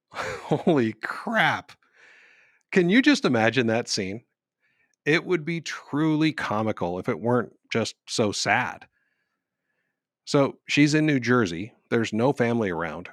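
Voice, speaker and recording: A man's voice: mid-range voice, lively intonation, unhurried, a bit bright, no room sound, clean studio sound. A man hosting a podcast, giving wry, scripted commentary between story segments. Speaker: podcast host.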